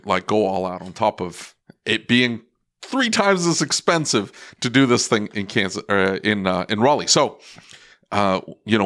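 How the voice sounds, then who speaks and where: A man co-hosting a podcast, telling an excitable story in casual chat and acting out quotes. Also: fairly low pitch. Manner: excitable storyteller, animated quoting. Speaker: podcast co-host.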